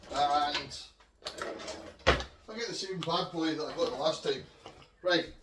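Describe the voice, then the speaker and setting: A man's voice: mid-range voice, reverberant, distant mic, very noisy. Chatty Scottish man cooking at home. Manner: chatty, homely, talks to viewers as he cooks. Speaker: home cook vlogger. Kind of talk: casual cooking demonstration. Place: home kitchen.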